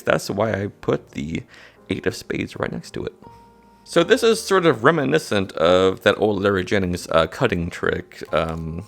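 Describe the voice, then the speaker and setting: A man's voice: low-pitched, big pitch swings, measured pace, creaky, fairly bright tone, soft background music. A man casually explaining card magic step by step, often checking in with "all right?". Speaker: magic instructor. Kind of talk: card trick tutorial.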